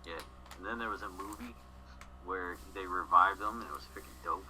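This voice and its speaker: A man's voice: low voice, a little fast, bright, forceful tone, poor audio. A man co-hosting a casual podcast, laughing and riffing as he quotes characters from a show. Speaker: podcast co-host. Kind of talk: casual chat recapping a TV episode.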